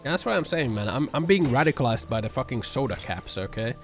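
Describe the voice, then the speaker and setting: A man's voice: medium pitch, big pitch swings, fast. A man streaming live and chatting with viewers, sarcastic and profane, rambling with lots of fillers. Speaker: livestreamer. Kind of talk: casual livestream chat reacting to viewer comments. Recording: music bed under the voice. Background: music playing.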